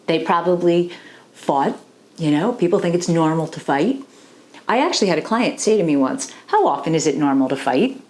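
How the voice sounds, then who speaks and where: A woman relationship coach speaking candidly and earnestly to the camera, confiding personal experience and often checking in with the listener. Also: on the low side.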